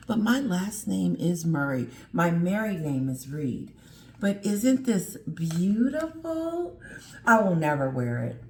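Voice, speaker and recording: A woman's voice: on the low side, a little mellow, a little hiss or hum. Gushing woman vlogger, echoey room. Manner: gushing and effusive, exclaiming often. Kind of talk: excited unboxing chat to camera.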